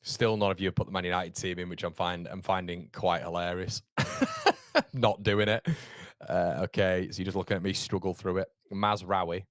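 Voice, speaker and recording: A man's voice: sits low, fairly even intonation, moderate pace, no room sound, clean studio sound. A man from York, hosting a live football watchalong in a chatty, rambling way with frequent laughter. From York, England. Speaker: watchalong host.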